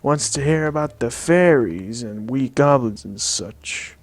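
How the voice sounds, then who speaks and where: A man voicing a boozy male Irish barfly who spins tall tales, in a slow, theatrical put-on Irish brogue. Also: mid-range voice, animated, dry recording, lightly acted. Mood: blarney.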